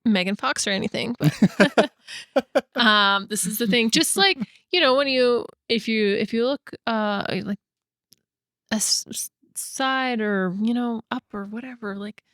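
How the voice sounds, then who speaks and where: A woman co-hosting a podcast in casual chat, halting with lots of fillers and frequent giggles. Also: a little high, a bit bright, dry recording, clean studio sound. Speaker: podcast co-host.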